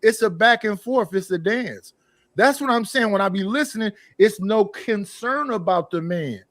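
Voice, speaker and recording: A man's voice: high voice, lively intonation, normal speed, a bit bright, no echo. A man in a casual talk show debate, making emphatic, provocative points.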